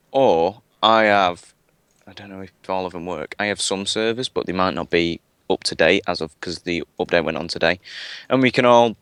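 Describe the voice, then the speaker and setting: A man's voice: low voice, fairly bright tone, smooth, no echo. A man chatting casually on a gaming live stream, rambling with lots of fillers and restarts. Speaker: guest gamer.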